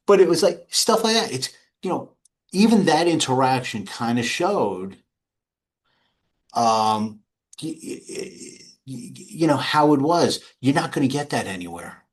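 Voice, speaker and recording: Middle-aged man, interview guest, relaxed storyteller prone to restarts and chuckles. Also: medium pitch, unhurried, breathy edge. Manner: rambling, anecdotal, frequent restarts and laughs. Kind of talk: casual interview talk. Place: home or office.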